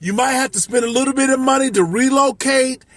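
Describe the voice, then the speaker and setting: A man in his fifties from Miami, a life coach, delivering an impassioned, profane, shouting monologue. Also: very high voice, brisk, no echo. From Miami, United States. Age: 50s. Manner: shouting, profane, emotional ranting.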